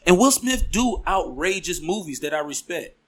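A man co-hosting a podcast, talking in a casual, animated way and jumping to high exclamations. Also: moderate pace. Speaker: podcast co-host. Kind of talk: casual chat.

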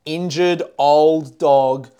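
Man, smooth clear voice. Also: fairly high pitch, extremely slow. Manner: swears freely, animated storytelling. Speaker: comedian guest. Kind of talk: casual podcast chat.

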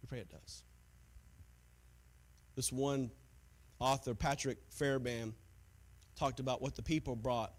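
A man preaching a sermon as pastor, dropping to hushed, near-whispered lines and rising to loud, emphatic preaching, sometimes mocking grudging givers in put-on voices. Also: medium pitch, fairly even intonation, slow pace, pauses often.

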